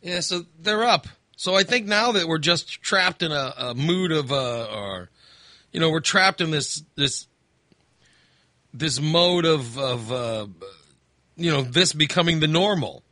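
A middle-aged man telling rambling, animated stories in casual chat as a podcast co-host. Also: fairly high pitch, a little slow, no room sound. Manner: rambling, animated storytelling with restarts.

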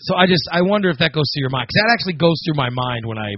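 A man hosting a casual radio chat, an animated storyteller who acts out quotes and gets loud. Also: a little high, rapid-fire, dry recording, muffled recording.

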